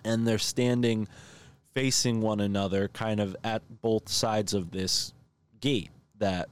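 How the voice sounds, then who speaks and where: A man's voice: lowish voice, fairly even intonation, takes it slowly, smooth. A man casually retelling a film's plot, rambling, with many fillers and restarts. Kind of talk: casual film recap chat.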